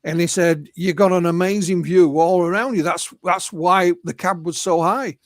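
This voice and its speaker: A man's voice: sits high, moderate pace, dry recording, clean studio sound. A man with an English accent, an interview guest who recounts witness stories in a conversational way, quoting people in his own voice, with many fillers and restarts. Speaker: interview guest, UFO researcher. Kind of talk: conversational storytelling.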